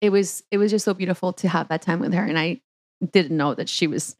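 Her voice sits on the low side and moves a little fast, with studio-quality sound and no room noise. As a podcast co-host chatting casually, she tells a story full of "like"s and acts out the quotes.

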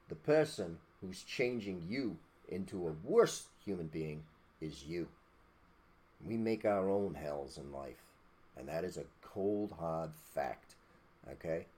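A man's voice: deep voice, warm tone. A man hosting a podcast, talking in a blunt, preachy, casual rant with mild cursing and a habit of asking "okay?". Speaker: podcast host.

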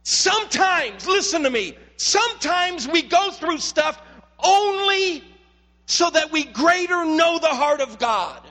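An earnest male pastor delivers a sermon with a strikingly high, forceful voice. He repeats words as he builds and calls out directly to his congregation. A long hall reverb trails every phrase. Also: sing-song, slow. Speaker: lead pastor. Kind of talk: impassioned sermon.

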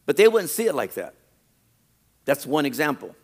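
A man preaching to his congregation with a slightly raised pitch, circling back over his phrases and pressing each point harder. He reads his lists slowly and deliberately. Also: big pitch swings, darkish tone. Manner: preaching with rising emphasis and frequent repetition. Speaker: pastor. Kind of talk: sermon.

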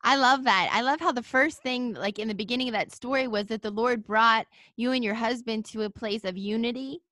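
A woman's voice: a little high, a little fast, sharp tone, no room sound. A woman pastor hosting a podcast, affirming and encouraging her guest. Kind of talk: podcast interview.

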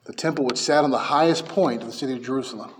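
A man preaching a sermon as pastor, fervent and emphatic, dropping to hushed lines and rising to loud peaks. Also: medium pitch, racing, a little hiss or hum.

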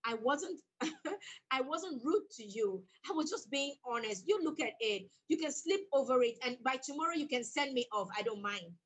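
Poor audio carries her lively, high-sitting voice at a moderate pace. The woman, an author being interviewed, shares a work-life story with animation, boldness and emphasis, often breaking into laughter.

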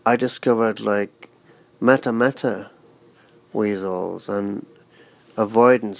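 A man talking as an interview guest, halting and restarting words, crude and frank. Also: mid-range voice, gravelly, no echo. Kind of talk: casual interview chat.

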